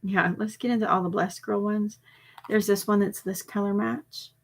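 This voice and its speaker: A woman's voice: medium pitch, steady tone, normal speed. A woman, chatting casually and rambling on a live stream. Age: 40s. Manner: rambling and chatty, trailing off mid-thought. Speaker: vlogger hosting a live stream.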